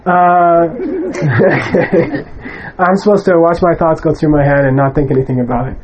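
This Buddhist teacher, a man with a higher voice, lectures his class in a chatty way, flatly rejecting wrong views and often pausing for an "okay?". He sounds animated but speaks a bit slowly. The recording lacks high frequencies and carries a faint hiss or hum.

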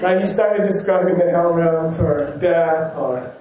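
A man's voice: a little high, unhurried, mellow, echoey room, slight background noise, rough recording. A man, a yoga teacher, giving a casual rambling talk to his class, often chuckling and correcting himself.

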